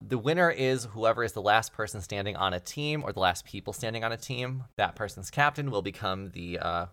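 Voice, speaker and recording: A man with a fairly low voice narrates as game master, setting scenes and explaining the rules. His delivery is relaxed and jokey, with the easy pace of a long-running game among friends. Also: fairly quick.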